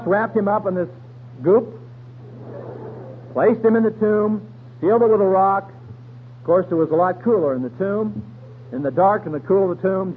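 A man preaching in a folksy, colloquial storytelling way, full of slang, on a tinny radio broadcast with a faint hum. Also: high-pitched. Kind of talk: radio sermon.

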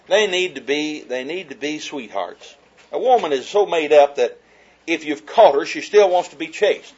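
A man's voice: fairly high pitch, dull audio. A man giving a humorous, folksy talk about marriage to an audience, telling stories and chuckling as he goes. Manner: folksy storyteller, chuckling as he talks.

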